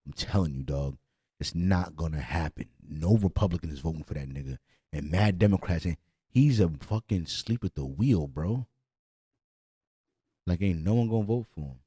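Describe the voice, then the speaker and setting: A man's voice: low voice, expressive, moderate pace, warm tone, slightly rough, no echo, clean studio sound. A young man hosting a podcast in a casual, blunt and profane rant. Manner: blunt, profane, repetitive, heated. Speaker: podcast host.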